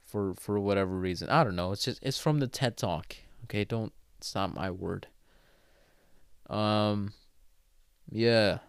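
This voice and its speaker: A man's voice: lowish voice, smooth, no echo, studio quality. A man hosting a solo podcast, rambling casually with swearing and self-corrections, having just woken up. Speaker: podcast host.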